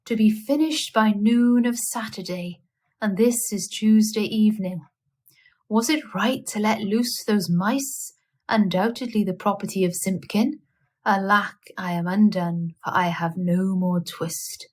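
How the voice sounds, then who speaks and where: A woman's voice: mid-range voice, a little slow, a little mellow, lightly acted. A woman doing a mumbling, fretful old tailor. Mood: lamenting. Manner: mumbling, lamenting to himself. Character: poor old male tailor, fretful and worried.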